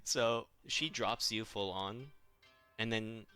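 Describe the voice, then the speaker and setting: A man's voice: fairly low pitch, slow, pushed and bright, clear, resonant tone, faint music behind. A man narrating a tabletop game as game master, rambling with lots of fillers and frequent laughs.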